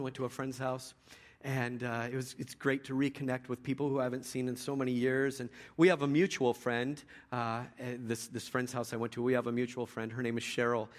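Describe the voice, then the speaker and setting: A man pastor giving a sermon in a relaxed storytelling way, with frequent restarts. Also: mid-range voice.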